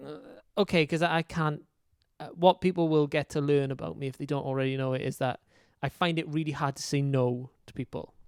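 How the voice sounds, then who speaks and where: A man co-hosting a podcast, telling rambling anecdotes casually and often dropping to a softer voice. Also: a little high, steady tone, brisk, hardly any pauses, clean tone, dry recording, clean studio sound. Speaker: podcast co-host, musician.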